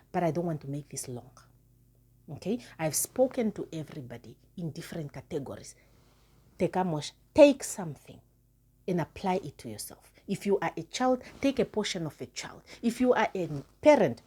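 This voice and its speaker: Speaking to camera, a woman vlogger delivers an impassioned moral talk to her viewers, earnest and emphatic, repeating words for stress. Her voice is lowish, dark and slightly rough.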